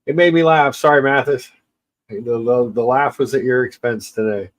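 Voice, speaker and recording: A man who is crying as he chats casually with livestream viewers, halting and tearful, with many pauses and restarts. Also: medium pitch, poor audio. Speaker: livestream host.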